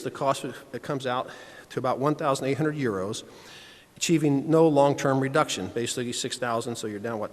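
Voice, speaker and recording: Brisk, conversational male conference speaker. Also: medium pitch. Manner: conversational, plainspoken, frequent "you know" asides. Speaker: veterinarian giving a conference talk. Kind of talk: unscripted conference presentation. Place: large conference hall. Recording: long hall reverb.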